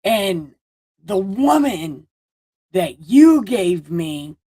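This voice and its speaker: A woman's voice: deep voice, takes it slowly, a little mellow, no room sound. Lady doing a whiny panicky guy, all flustered and blaming, dry sound. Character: panicky embarrassed first man, whiny.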